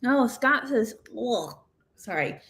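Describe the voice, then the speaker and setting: A woman's voice: fairly high pitch, lively intonation, slow, fairly bright tone. A woman co-hosting a casual livestream, reading viewer comments aloud and giggling along. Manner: giggly, reads chat messages aloud.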